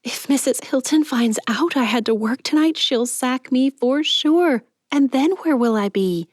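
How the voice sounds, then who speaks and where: A woman voicing an anxious young woman in an audiobook, pleading and high-strung as she fakes panic. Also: unhurried, a little mellow, dry recording, studio quality. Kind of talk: audiobook character reading.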